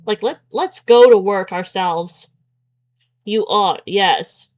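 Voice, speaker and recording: A woman's voice: mid-range voice, takes it slowly, darkish tone. A young woman streaming a story game, chatting casually and sarcastically, often breaking into laughter.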